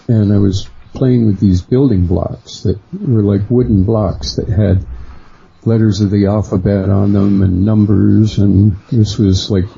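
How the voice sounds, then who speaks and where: A middle-aged man, a guest on a radio interview, slowly recounting a personal experience and lifting his voice for the people he quotes. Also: gravelly, mellow, breathy edge. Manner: unhurried storyteller who acts out quoted voices higher. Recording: dull lo-fi sound.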